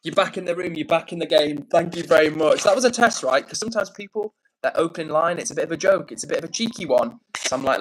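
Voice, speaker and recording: An English man hosting a casual livestream, upbeat and chatty as he reads out comments and gives shout-outs. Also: fairly high pitch, lively intonation, fast talker, few pauses, slight background noise, poor audio. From England. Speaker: livestream host.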